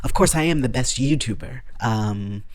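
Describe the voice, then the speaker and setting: A man's voice: medium pitch, expressive, moderate pace, no room sound. Boastful man doing dry reaction commentary. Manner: boastful, mock-serious, sarcastic. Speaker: YouTuber.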